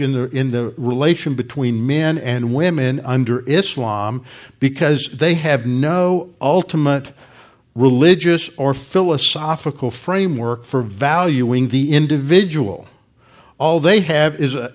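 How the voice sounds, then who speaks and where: A middle-aged man, a pastor giving an expository Bible teaching sermon, lecturing emphatically with frequent restarts. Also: medium pitch.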